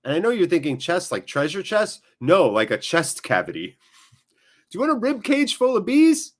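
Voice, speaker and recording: An American man hosting a live football watchalong. He jokes and chats with viewers between quick play-by-play. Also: sits high. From United States. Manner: jokey, animated, quick play-by-play. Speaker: watchalong host.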